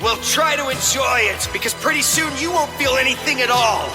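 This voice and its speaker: An actor playing a brash, defiant young hero in an English anime dub, heard as a film clip. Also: male voice, very high voice, normal speed, music in the background. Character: defiant young male street-tough hero.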